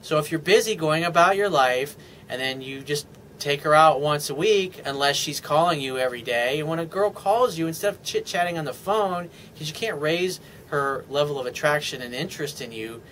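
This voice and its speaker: A man's voice: fairly high pitch, fairly bright tone, a little hiss or hum. A man giving dating advice as a coach, blunt and emphatic, with casual swearing. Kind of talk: advice monologue to a viewer.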